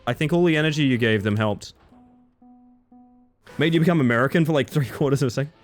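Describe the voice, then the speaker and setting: Over soft background music, an Australian man with a mid-range voice talks fast while streaming a game. His live commentary is chatty and casual, laced with swearing and silly chanted words.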